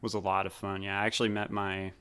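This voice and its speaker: A man's voice: sits low, little pitch movement, quick pace, a bit bright, clean tone. A man in his thirties from Missouri, a former drummer telling laid-back, rambling stories in a casual interview.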